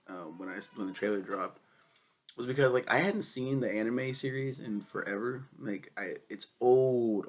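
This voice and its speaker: A young man with a cold and a cough, casually reviewing a film, swearing a lot and rambling excitedly. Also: lowish voice. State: sick with a cough.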